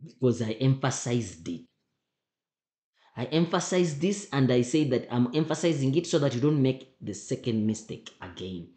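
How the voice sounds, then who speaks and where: A man's voice: mid-range voice, big pitch swings, moderate pace, a little mellow. A man teaching, going over exam answers with emphatic repetition and frequent checks that students understand. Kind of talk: exam memo walkthrough lesson. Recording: echoey room.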